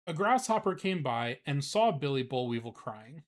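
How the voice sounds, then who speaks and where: A man's voice: medium pitch, expressive. A man on a live stream, chatting casually with lots of fillers before reading a children's book aloud. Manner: casual, filler-heavy, unhurried, swears.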